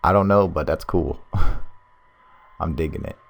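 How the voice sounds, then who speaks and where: Brief: low-voiced male host, chatty and profane, hyped over clips. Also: slow pace, gravelly. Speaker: video host. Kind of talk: casual video commentary.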